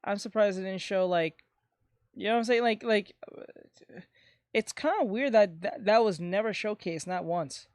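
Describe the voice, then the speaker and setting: A woman's voice: medium pitch, moderate pace, long pauses, no room sound. A woman in casual chat as co-host, hesitant and trailing off mid-sentence.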